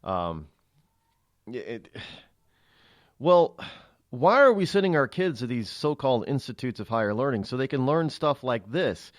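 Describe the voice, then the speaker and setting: A man's voice: medium pitch, sing-song, measured pace, pauses often, no echo. A man hosting a talk radio show, delivering a rambling, opinionated monologue into a studio microphone.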